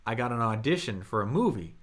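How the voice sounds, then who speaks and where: A man's voice: mid-range voice, big pitch swings, fast. A young man teaching Mandarin on a live stream, chatting casually, answering viewers and sounding out the tones. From United States. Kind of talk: live-streamed language lesson.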